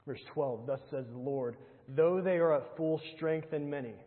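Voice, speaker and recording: A man preaching with earnest emphasis, his fairly high voice rising on rhetorical questions and sinking to a hushed, slow tone as he reads scripture. He sounds tinny and narrow, as if heard over a phone line, with a long reverb trailing through a large hall. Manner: reads scripture aloud, often dropping to a low, slow hush. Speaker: pastor. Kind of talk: sermon.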